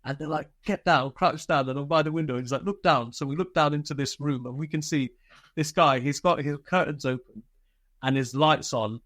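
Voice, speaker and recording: A man's voice: a little high, a little fast, a bit bright, no echo, clean studio sound. A male army veteran from Britain telling swearing, laughter-filled war stories in a casual interview.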